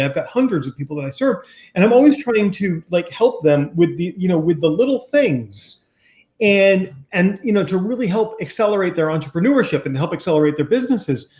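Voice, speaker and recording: A man's voice: sits high, darkish tone. Man host from new jersey, jokey and rambling, raised voice, echoey room. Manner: jokey and rambling, full of restarts and sound effects like "boop". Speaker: business coach hosting a training call. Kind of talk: casual group chat turning to a coaching talk. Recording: roomy echo.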